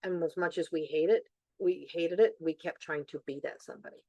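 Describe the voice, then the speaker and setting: A woman's voice: low-pitched, a little fast, creaky, mellow, no echo, muffled recording. A middle-aged woman hosting a podcast, talking in an earnest, reflective way and repeating phrases for emphasis. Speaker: podcast host. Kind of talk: reflective casual chat.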